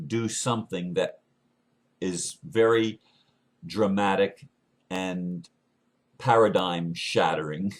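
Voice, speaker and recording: A man with a very low voice holds forth in an earnest, unscripted monologue. He often stumbles and restarts his phrases as he talks. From United States. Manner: earnest, halting, with frequent restarts. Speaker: speaker sharing beliefs.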